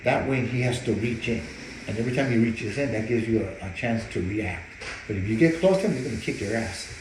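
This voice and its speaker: A man's voice: medium pitch, brisk, echoey room, background noise. A man, a boxing trainer, telling stories in a casual interview, cursing freely and repeating words as he goes. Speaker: boxing trainer and cutman, guest.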